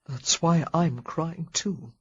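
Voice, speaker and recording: A woman reading an audiobook, voicing a gentle, dryly humorous young English gentleman in a low, soft, slow voice. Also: lively intonation, breathy edge, highs cut off, full character voice. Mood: soothing.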